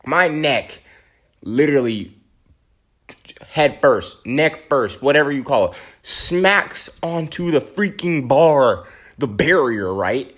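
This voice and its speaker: A man telling a story in a casual vlog monologue, animated and dramatic, with slangy asides. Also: mid-range voice, slow pace.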